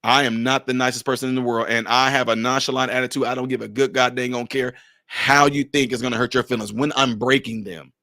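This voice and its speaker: A man's voice: medium pitch, little pitch movement, fast talker, bright, forceful tone, no echo, clean studio sound. A man delivering a confrontational commentary rant, scolding and sarcastic, hammering rhetorical questions. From Chicago area.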